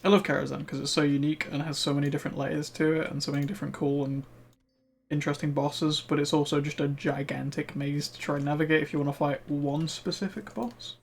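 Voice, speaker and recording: A man talks through his gameplay for a live stream in a loose, excitable way, cursing casually as he goes. His voice sits a touch high and sounds a little worn, as he is losing it. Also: quick pace, vocal fry, a little hiss or hum. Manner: chatty, excitable, swears casually. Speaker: game streamer.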